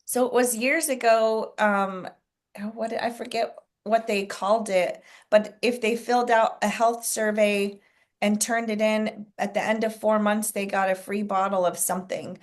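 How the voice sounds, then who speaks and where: A woman hosts a group video call and talks her team through a coaching point. She is encouraging and loose, with plenty of ums and the odd clearing of her throat, and her voice sits in an ordinary middle range. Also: mid-range voice, little pitch movement, measured pace. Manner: encouraging, frequent fillers, clears throat often.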